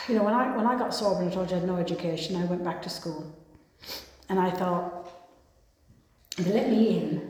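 A woman speaks to a gathered audience in a rambling, self-mocking way, often restarting her sentences. Her voice sits at a middle pitch. It rings with heavy echo and a long reverb, as in a big hall. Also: darkish tone, a little hiss or hum. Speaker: recovery meeting speaker. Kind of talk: personal talk to an audience. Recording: echoey hall.

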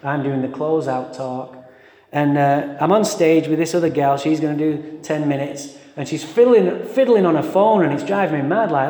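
Animated man telling stories in a hall. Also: fairly high pitch, moderate pace. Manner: animated, self-mocking, swears. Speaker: recovery meeting speaker. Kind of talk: storytelling talk to a live audience. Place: large hall with audience. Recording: echoey hall sound.

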